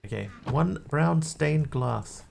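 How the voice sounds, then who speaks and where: A man's voice: fairly high pitch, expressive, takes it slowly, creaky, a little mellow, slight background noise. A man streaming a video game live, rambling, telling jokes and talking to his chat. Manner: rambling, joking, talks to chat.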